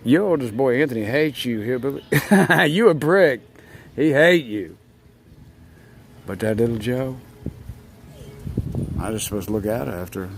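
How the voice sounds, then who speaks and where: A man giving a rambling, impassioned monologue, speaking straight to his listeners and swinging between loud outbursts and near murmurs. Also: mid-range voice, a little hiss or hum.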